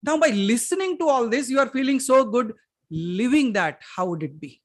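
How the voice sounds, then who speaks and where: A man with an Indian English accent giving a spiritual satsang talk, emphatic, moving from loud to hushed and putting questions straight to his listeners. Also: extremely high pitch, expressive, normal speed. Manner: addresses listeners directly with questions. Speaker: spiritual teacher. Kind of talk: satsang talk to a live audience.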